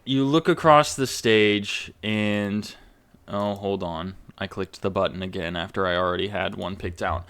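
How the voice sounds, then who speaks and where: A man's voice: sits low, steady tone, a little slow, fairly bright tone, clear, resonant tone, no room sound. A man narrating as game master of a tabletop game, casual and swearing, laughing at his own jokes.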